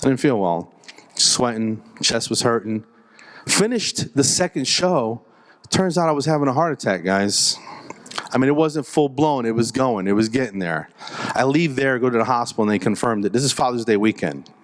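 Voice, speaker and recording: Middle-aged guy doing stand-up, animated storytelling, jumps into little voices for each person. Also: medium pitch, normal speed. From Puerto Rico heritage. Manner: animated, jokes, acts out both sides of dialogue. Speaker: comedian and speaker at a dental event.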